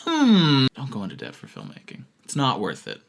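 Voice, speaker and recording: A man's voice: deep voice, wildly swooping pitch, quick pace, vocal fry, bright, forceful tone, husky. A man ranting as a filmmaker vlogger, reading out comments and mocking them with sarcastic asides and laughter. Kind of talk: comedic rant reading out comments.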